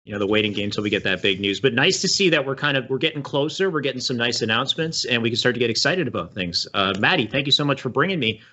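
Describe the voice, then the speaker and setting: A man's voice: mid-range voice, animated, quick pace, hardly any pauses, bright, forceful tone. A man hosting a casual esports news show, talking in a laid-back way with lots of fillers and restarts. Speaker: show host. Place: home setup on a voice call. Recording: dull lo-fi stream audio.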